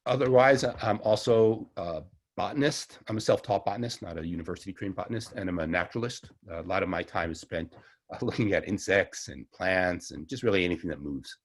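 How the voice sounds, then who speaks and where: A middle-aged man with a Long Island New York accent talks through a class in a loose, rambling way, often correcting himself as he goes. His voice sits on the low side and has a husky, slightly rough grain. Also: a little fast. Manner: rambling, chatty, self-correcting with small laughs. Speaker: herbalist teacher. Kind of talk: casual online class lecture.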